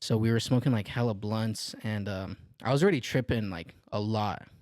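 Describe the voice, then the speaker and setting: A man's voice: fairly low pitch, normal speed, darkish tone, no room sound, clean studio sound. A young man co-hosting a podcast, telling a long story in a casual, rambling way full of filler words. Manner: laid-back, rambling, heavy use of filler "like". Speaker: podcast co-host.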